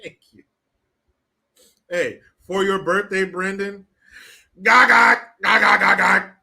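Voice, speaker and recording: A man's voice: fairly high pitch, sharp tone. A man hosting a live stream, mocking and profane in casual commentary as he reads out viewer chat.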